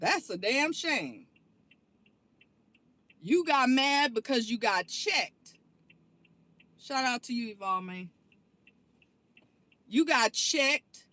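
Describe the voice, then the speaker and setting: Woman vlogger, high pitch, bright tone, blunt and profane rant. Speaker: online commentary creator. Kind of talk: angry rant vlog.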